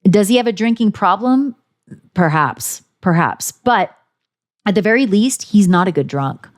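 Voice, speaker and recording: A woman co-hosting a podcast, chatting casually and bluntly, swearing freely and acting out quotes with big jumps in her voice. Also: measured pace. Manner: animated, acts out quotes with big pitch jumps. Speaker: podcast co-host. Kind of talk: casual recap chat.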